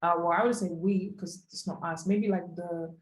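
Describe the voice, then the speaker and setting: A woman's voice: fairly low pitch, steady tone, normal speed, echoey room, poor audio. A young woman in her twenties teaching an online course lesson in a chatty, casual way, with lots of fillers and asides. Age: young adult.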